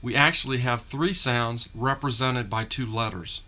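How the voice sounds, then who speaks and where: A man teaching a phonics lesson, carefully articulating drawn-out vowel and consonant sounds. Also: mid-range voice, pushed and bright. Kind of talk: slow, deliberate phonics lesson.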